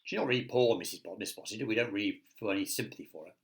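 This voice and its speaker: A man's voice: on the low side, rapid-fire. A man, a teacher, reading a picture book aloud to children with chatty asides to his listeners.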